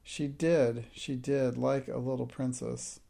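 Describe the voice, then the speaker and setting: A man's voice: medium pitch, steady tone, slow, gravelly, mellow. A man voicing a timid, tearful schoolmistress. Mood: tearful, hysterical. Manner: pleading, breaking into hysterical outbursts. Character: timid middle-aged schoolmistress, tearful and hysterical.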